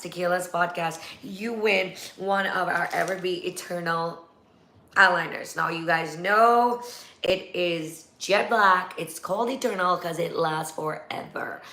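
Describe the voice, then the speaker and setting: A talkative woman hosts a casual live chat, her voice sitting a touch low. She rambles from point to point with quick laughs, and the room around her rings with echo. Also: pushed and bright. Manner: chatty, rambling, laughs easily. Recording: echoey room.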